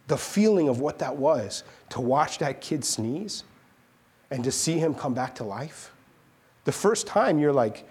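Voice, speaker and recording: A man's voice: medium pitch, slightly rough. A man preaching a sermon, retelling a scripture story with emphasis and rhetorical questions.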